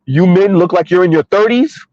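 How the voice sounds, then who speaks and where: A man's voice: high-pitched, normal speed, darkish tone, dry recording. A man in his thirties giving a sassy, preachy commentary monologue that he speaks straight to his audience. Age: 30s. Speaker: commentary streamer. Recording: dull lo-fi sound.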